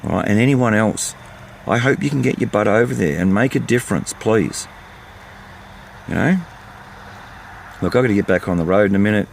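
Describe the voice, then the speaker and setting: A man's voice: lowish voice, normal speed, creaky, long pauses, a little hiss or hum. An older Australian man giving a fired-up, blunt, repetitive rant to camera from his vehicle while on the road. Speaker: vlogger. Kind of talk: impassioned monologue to camera.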